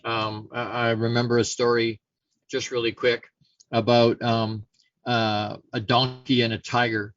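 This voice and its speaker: A man's voice: medium pitch, unhurried, no room sound, lo-fi sound. A middle-aged man hosting a self-help talk show, casual and rambling with many restarts. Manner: casual, rambling, frequent restarts, animated storyteller. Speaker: show host.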